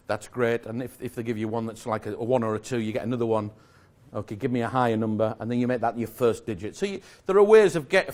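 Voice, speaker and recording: A man giving a live magic lecture to an audience, explaining step by step in a chatty, self-correcting way with small jokes. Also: mid-range voice.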